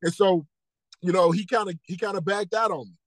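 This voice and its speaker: A man in his thirties with a notably high speaking voice gives his personal testimony as a podcast guest. He tells it earnestly, repeats key phrases and acts out the dialogue. The recording is dry and close. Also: fairly quick, dry recording, poor audio. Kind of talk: personal testimony in casual interview.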